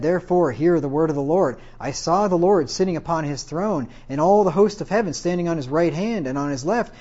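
A man's voice: fairly high pitch, dark tone. A man teaching from the Bible, reading verses aloud and then retelling them in plain, slangy everyday talk. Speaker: preacher. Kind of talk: Bible teaching with casual paraphrase. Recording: dull lo-fi sound.

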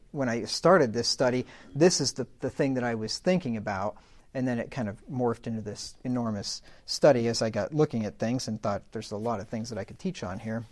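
A man's voice: mid-range voice, darkish tone. A man teaching a Bible lesson from the pulpit, in a conversational way with asides and self-corrections. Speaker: pastor. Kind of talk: sermon-style Bible teaching.

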